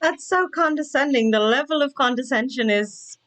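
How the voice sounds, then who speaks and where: A woman's voice: high voice, normal speed, fairly bright tone. Chatty giggly woman reacting to music. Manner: chatty, giggly, paraphrasing lyrics with restarts. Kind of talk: casual commentary.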